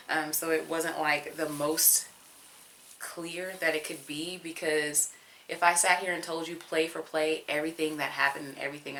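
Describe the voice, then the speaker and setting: A woman's voice: sits low, bright, forceful tone, a little hiss or hum, rough recording. A woman vlogger telling a personal story to her viewers in a casual, rambling way. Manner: rambling, with fillers and rising emphasis.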